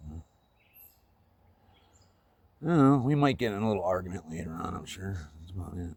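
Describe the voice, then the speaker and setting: Gravelly low-voiced man rambling outdoors. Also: lively intonation, moderate pace, darkish tone, no room sound. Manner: rambling, self-deprecating, drifts into whispers. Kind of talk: confessional vlog monologue.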